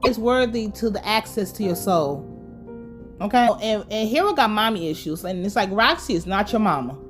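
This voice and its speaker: A woman's voice: medium pitch, lively intonation, normal speed, soft background music. A woman giving a casual, blunt and profane recap of a TV episode. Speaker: TV recap vlogger.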